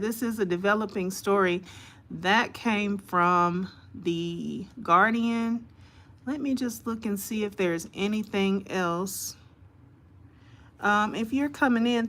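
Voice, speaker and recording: A woman live-streaming as a host, reading news reports aloud haltingly with many fillers and greeting her viewers by name. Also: medium pitch, a bit bright.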